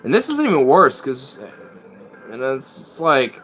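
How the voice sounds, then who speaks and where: A man's voice: medium pitch, very animated, unhurried, a bit bright. A man rambling in casual chat as a streamer. He is laid-back and slangy and often breaks into laughs.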